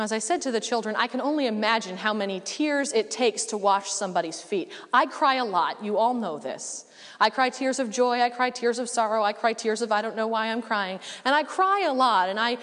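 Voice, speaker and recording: A woman with a fairly high voice preaches a sermon in a loose, chatty manner, full of casual asides. Her voice rings out with the long reverb of a church hall.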